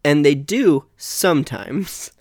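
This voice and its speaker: A man's voice: a little high, lively intonation, slow pace, a little mellow, dry recording, studio quality. A man co-hosting a casual chat, telling rambling stories full of fillers. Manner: rambling storyteller, many fillers. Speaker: podcast co-host.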